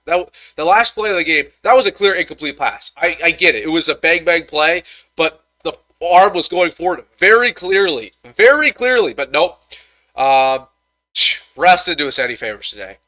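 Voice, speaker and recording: A man's voice: on the high side, animated, moderate pace, pushed and bright, no echo. Fired-up young man ranting postgame. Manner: frustrated, ranting, stammering restarts. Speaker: sports commentator host. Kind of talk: live-stream postgame reaction.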